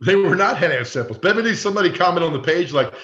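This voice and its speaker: A man on a podcast as a guest, telling animated stories in casual chat and acting out the voices of the people he quotes. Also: high voice, very fast. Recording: echoey, dull lo-fi.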